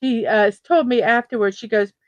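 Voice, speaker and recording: A woman's voice: on the high side, steady tone, brisk, no room sound, highs cut off. A woman hosting a casual daily morning livestream from home, chatty and easily distracted, greeting chatters one by one. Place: room at home with a fan running.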